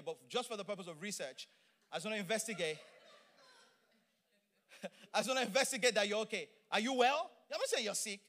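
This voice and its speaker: Middle-aged male preacher, high and bright tone, emphatic, lively sermon delivery. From Nigeria. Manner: animated, emphatic, playful asides.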